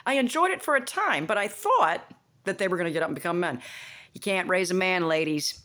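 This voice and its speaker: A woman's voice: on the low side, lively intonation, brisk, fairly bright tone. A woman talking in a casual, rambling monologue, blunt and profane, often making buzzing sound effects. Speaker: vlogger.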